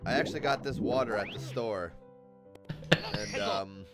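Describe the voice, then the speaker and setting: A man's voice: fairly low pitch, moderate pace, low-quality recording. A man telling a pointless story in a mock-serious, stumbling way, full of restarts. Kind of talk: mock-sincere rambling monologue. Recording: loud music behind the voice.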